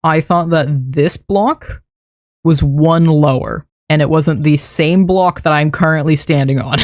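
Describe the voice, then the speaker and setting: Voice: medium pitch, unhurried, no room sound, studio quality. A streamer giving casual gameplay commentary, rambling to themself and chuckling at their own mistakes while building. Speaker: streamer building a game base.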